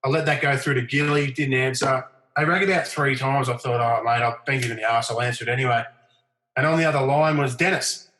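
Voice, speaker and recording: Telling anecdotes as a podcast guest, a middle-aged Australian man speaks at medium pitch and a brisk pace. His casual storytelling is animated, and he voices other people's quotes in raised, livelier tones, with a roomy echo around him.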